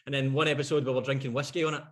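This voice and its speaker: Give me a male podcast co-host talking fast in relaxed chat, swearing and laughing, at a middle pitch. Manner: fast, rambling, laughs often, swears casually.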